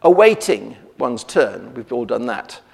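A man's voice: medium pitch, sing-song, a little slow, vocal fry, husky. A man preaching a sermon in a conversational way, with many restarts and rhetorical questions. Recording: long reverb of a church hall.

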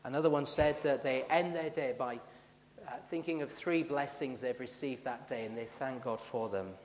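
A man preaching a sermon in a church, reading scripture aloud with measured emphasis. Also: medium pitch, in a large hall, slight background noise. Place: church building.

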